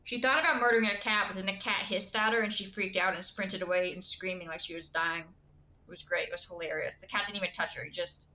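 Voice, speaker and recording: Bright-voiced chatty woman streamer. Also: medium pitch, steady tone, fast talker. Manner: chatty, giggly, answers chat. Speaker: game streamer. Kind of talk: casual live-stream chat.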